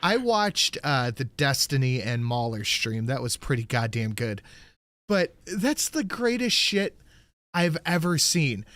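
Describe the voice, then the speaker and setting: Man, stream host, sarcastic and sweary, animated pitch, dry close sound. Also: measured pace, dry recording. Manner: sardonic, profane, mocking. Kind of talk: casual live-stream chat.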